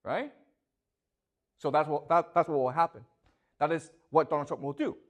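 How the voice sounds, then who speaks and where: A man's voice: on the high side, moderate pace. A male professor giving a classroom lecture, emphatic and questioning, who keeps checking in with the class.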